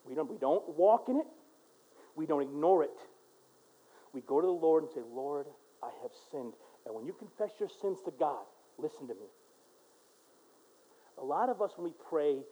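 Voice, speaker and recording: A male pastor preaching a sermon, dropping to a quiet voice for prayers and rising to loud, emphatic exhortation. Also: on the high side, low-quality recording.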